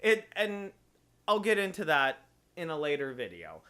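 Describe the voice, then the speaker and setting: Bright-voiced man teaching singing. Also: fairly high pitch, wildly swooping pitch. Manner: explains slowly, sings short examples. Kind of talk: vocal lesson explanation.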